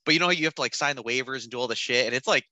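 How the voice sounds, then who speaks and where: A young man chats loosely on a podcast, his voice very bright and forceful. He laughs through his stories and fills them with "like." The sound is close and dry, with no room around it. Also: medium pitch, rapid-fire, dry recording. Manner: loose, laughing storyteller with lots of fillers. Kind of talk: casual podcast chat.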